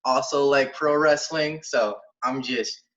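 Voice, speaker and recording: A man's voice: medium pitch, fairly even intonation, slow pace. A young man in a wrestling class talks eagerly, rambling through fillers as he introduces himself. He sits back from the mic in an echoey room. The call audio is distant and dull. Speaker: student. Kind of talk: casual self-introduction.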